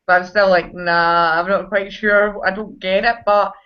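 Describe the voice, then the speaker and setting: A woman's voice: medium pitch, fairly even intonation, moderate pace, smooth, muffled recording. A woman vlogger chatting casually, a bit self-deprecating. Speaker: guest vlogger. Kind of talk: casual chat.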